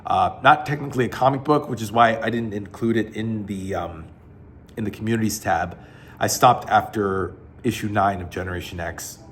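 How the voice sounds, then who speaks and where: A man's voice: on the low side, normal speed, fairly bright tone, a little hiss or hum. A man giving a casual, rambling spoken review of a comic book collection, blunt and full of fillers and restarts.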